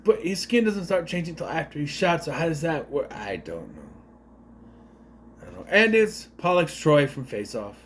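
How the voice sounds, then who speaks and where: Rambling man with lively pitch. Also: normal speed, slight background noise. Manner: rambling, unsure asides and self-corrections. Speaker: movie reviewer. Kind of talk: casual spoken movie review.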